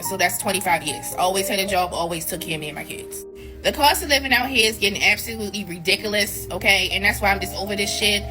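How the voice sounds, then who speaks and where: Weary woman in her forties, music behind. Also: mid-range voice. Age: 40s. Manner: weary, stressed, blunt with cursing. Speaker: single mother posting a video. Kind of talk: candid personal vlog.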